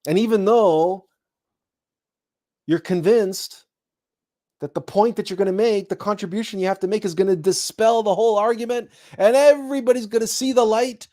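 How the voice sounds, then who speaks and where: A man with a high voice delivers a spiritual talk as host. He tells it like a story and pops into raised, excited voices for the people he imagines. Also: moderate pace.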